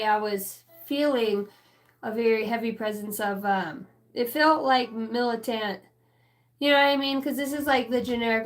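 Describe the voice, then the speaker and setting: A woman giving a rambling, casual channeled reading, swearing freely and talking straight to her listeners. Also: a little high. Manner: rambling, profane, chatty. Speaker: spiritual channeler.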